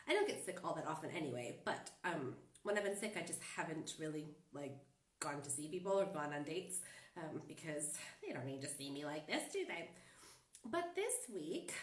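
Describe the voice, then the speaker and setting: Woman coach with a head cold, lower register, chatty and rambling, recorded off-mic. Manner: rambling, with frequent fillers and laughs. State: stuffed up with a cold. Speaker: life coach. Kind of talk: casual chatty monologue. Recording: roomy and distant from the mic.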